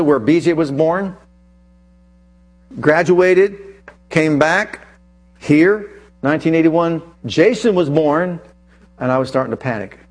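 Man, preacher, sermon, animated and emphatic, slightly high voice. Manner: animated, emphatic, reads scripture aloud. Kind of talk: sermon with personal testimony.

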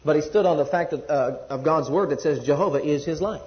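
A man's voice: a little high, brisk. A man preaching a sermon, reading scripture and repeating points emphatically, asking the congregation to respond. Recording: dull lo-fi recording.

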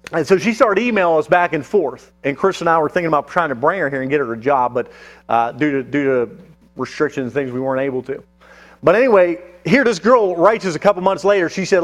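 A man's voice: fairly high pitch, brisk. Man preaching a story-filled sermon. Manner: storytelling with frequent fillers and restarts. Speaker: pastor. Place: church.

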